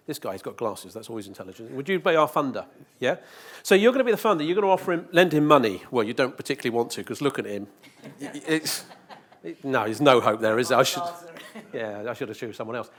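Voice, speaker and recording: A man's voice: medium pitch, big pitch swings, fast. A man giving a live conference presentation, joking with the audience and asking rhetorical questions. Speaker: conference speaker. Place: conference hall.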